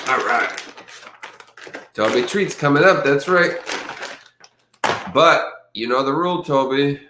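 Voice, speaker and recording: A man's voice: mid-range voice, slow, long pauses, background noise. Rambling man hosting a livestream in an echoey room. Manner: rambling, stumbles over words. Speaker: livestream host. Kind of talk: casual livestream chat and news reading.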